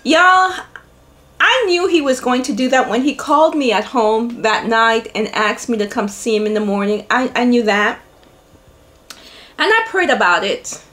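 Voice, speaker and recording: An older woman with a lilt chats to her viewers, retelling a story with frequent laughter and quoted dialogue. Her voice sits a little high for a woman. She talks in a relaxed, animated vlog style. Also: moderate pace. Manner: animated, laughing often, quoting others. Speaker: vlogger. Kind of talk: casual storytelling to camera.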